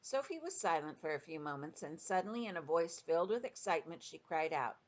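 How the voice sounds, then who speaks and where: A woman's voice: low-pitched, big pitch swings, brisk, hardly any pauses. Grandmother reading a storybook aloud. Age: older. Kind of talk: reading a children's book aloud.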